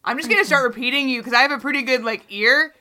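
A woman's voice: high voice, fast, bright, forceful tone. A woman hosting a podcast in casual chat, joking, laughing often and swearing freely. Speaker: podcast host.

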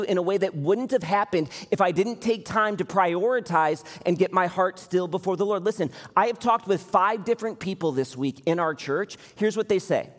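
A man's voice: high-pitched, moderate pace, few pauses, long reverb tail. A man preaching a sermon as pastor, earnest and building to impassioned appeals.

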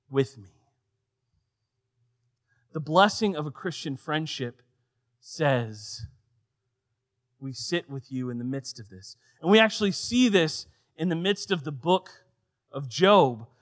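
A man in his thirties preaching a sermon with a fairly high voice. He talks with lively emphasis, then drops to soft, hushed passages. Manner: animated preaching, swings between loud emphasis and soft, quiet passages. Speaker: pastor.

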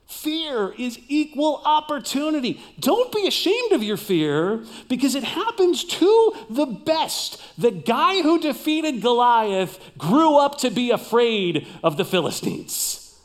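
A male pastor preaching a sermon with dramatic delivery, swinging from loud emphasis to near whispers. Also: very high-pitched, big pitch swings, slow pace.

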